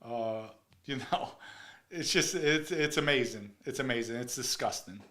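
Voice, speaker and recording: A man's voice: medium pitch, unhurried, a bit bright. A man hosting a casual live chat show, talking emphatically and repeating words for stress. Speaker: livestream host.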